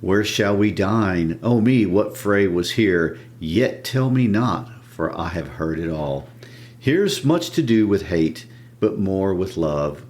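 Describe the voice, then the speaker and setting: A man's voice: deep voice, expressive, slow, darkish tone. A man reading the lines of a brooding, lovesick young male noble from a play.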